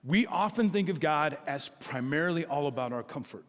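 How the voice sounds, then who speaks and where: Middle-aged pastor preaching in a reverberant hall. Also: male voice, on the high side, a little fast. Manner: animated storytelling, acting out quoted dialogue. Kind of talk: sermon.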